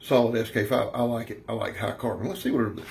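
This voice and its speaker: A man's voice: mid-range voice, quick pace, vocal fry, heavy background noise. A man giving a rambling, folksy, brash product review, talking straight to his viewers. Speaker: knife reviewer.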